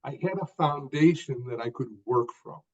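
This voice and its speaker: Older man speaking in deliberate phrases. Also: mid-range voice, darkish tone, muffled recording. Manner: speaks in short deliberate phrases with stressed words. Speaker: guest author. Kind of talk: podcast interview storytelling.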